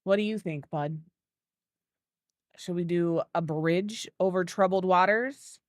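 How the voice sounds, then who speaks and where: A woman's voice: lowish voice, takes it slowly, no echo, clean studio sound. A woman giving casual gameplay commentary, thinking aloud as she builds and cooing baby talk at an animal. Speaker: gaming video creator.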